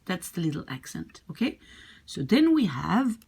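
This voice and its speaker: A woman's voice: lowish voice, big pitch swings, normal speed, creaky, darkish tone, breathy edge. A woman teaching a language lesson, patiently explaining and repeating pronunciation examples. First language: French or Dutch. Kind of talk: explaining French grammar in English.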